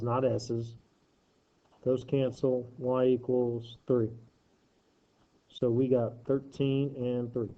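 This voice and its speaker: Male math teacher, casual worksheet walkthrough, jokey and self-correcting, slightly muffled audio. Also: medium pitch. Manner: joking asides while working problems aloud; thinks aloud, self-correcting.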